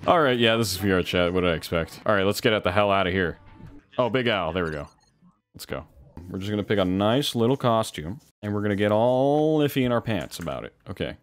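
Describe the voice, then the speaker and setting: A man's voice: on the low side, animated, fairly quick. A man streaming a virtual reality game, joking and self-mocking as he comments.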